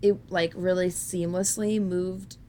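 Lower-pitched woman co-host, loose and joking, light background noise. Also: level tone, measured pace, dark tone. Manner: candid, jokey, laughs often. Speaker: podcast co-host. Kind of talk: casual podcast chat about a film.

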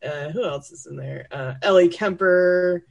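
A woman's voice: fairly low pitch, a little slow, gravelly. A woman co-hosting a casual chat show, talking in a rambling, chatty way and laughing often. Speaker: co-host.

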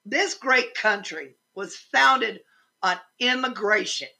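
An older American woman giving an impassioned, indignant political rant, swearing for emphasis, with a husky voice. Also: medium pitch, takes it slowly, sharp tone. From United States. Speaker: vlogger.

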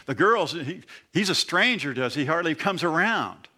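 Guy preaching, bright forceful tone, earnest and chatty, pitch jumps up when he makes a point. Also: sing-song, normal speed. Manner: earnest, conversational, with sudden emphatic rises. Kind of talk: expository sermon.

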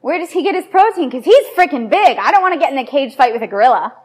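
High-voiced woman giving a lively lecture. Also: fast. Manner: chatty, playful, asks the audience questions. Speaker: lecturer on raw food and yoga. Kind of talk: live evening lecture to an audience.

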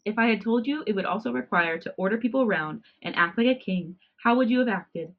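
A woman's voice: on the high side, fairly quick, voice pushed up. A woman voicing a scheming male cat hybrid colony leader, cool and calculating, in a storybook reading with slightly dull podcast audio. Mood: cold, proud.

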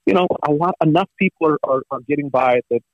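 A man appearing as a guest commentator on a talk show, speaking earnestly and haltingly, with frequent restarts. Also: fairly high pitch, dry recording, narrow, tinny audio. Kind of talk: conversational political talk.

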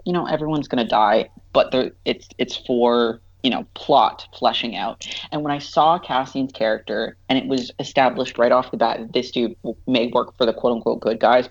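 A man co-hosting a podcast, talking frankly and dropping swears in relaxed chat. His voice has a gravelly, fried edge at a middling pitch. The audio sounds dull and lo-fi. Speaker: podcast co-host. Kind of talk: casual chat.

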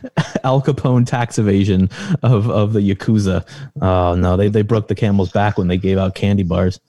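A man's voice: fairly low pitch, steady tone, normal speed, mellow, dry recording, studio quality. A man co-hosting a podcast, tossing in wry joking asides. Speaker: podcast co-host. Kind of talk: casual comedic chat.

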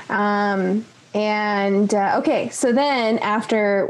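A young woman casually recapping a tabletop game session, rambling, laughing and slipping into quick character voices. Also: mid-range voice, fairly even intonation.

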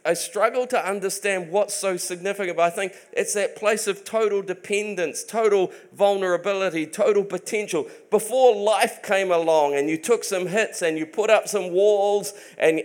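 A man preaching a sermon in an earnest, emphatic way, often restarting his sentences. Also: high-pitched.

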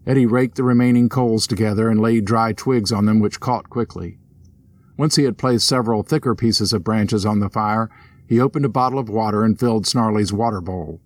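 Male narrator for a spooky audio story, low voice, steady delivery. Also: a little fast, no echo. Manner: steady storyteller, voices characters with lifted pitch. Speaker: narrator and host.

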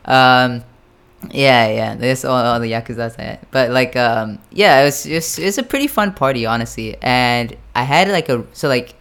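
A young man from Japan with a smooth, clear voice tells a long, meandering story to a friend. He leans hard on fillers and keeps checking in with his listener. He drops a curse word here and there. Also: medium pitch, moderate pace, fairly bright tone. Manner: rambling, filler-heavy, sprinkled with swearing. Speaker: storyteller in a casual chat. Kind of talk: casual chat.

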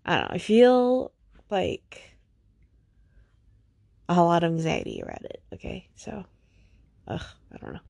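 A tearful young woman talks slowly into a close mic with a gravelly, lowish voice. She sighs a lot and trails off, circling back on herself in halting phrases. The sound is dry. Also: huge pitch swings, a little mellow, dry recording. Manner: sighing, halting, repeats herself. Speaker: podcast host. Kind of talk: solo podcast venting.

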